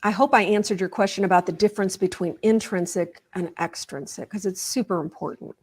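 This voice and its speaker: A woman's voice: medium pitch, a little fast, a little mellow, husky. A woman guest on an interview show, earnestly explaining ideas with stories and examples.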